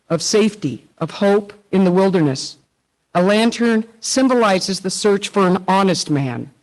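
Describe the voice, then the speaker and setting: A woman's voice: medium pitch, rough recording. A woman teacher giving an earnest tribute speech at a public meeting, emotional and close to tears, quoting poets and leaders.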